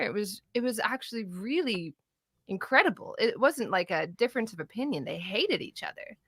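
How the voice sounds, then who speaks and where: Woman, bright tone, dry sound, casual political chat, animated, laughs a lot. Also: medium pitch, moderate pace, slightly rough, no room sound. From Canada. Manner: animated, laughs often, mimics people she describes. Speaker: political commentator.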